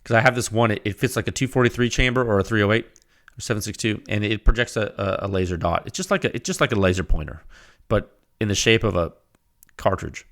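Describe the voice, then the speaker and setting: A man hosting a casual solo podcast, rambling and animated, with frequent restarts, laughs and acted-out quoted exchanges. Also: fairly low pitch, quick pace. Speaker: podcast host.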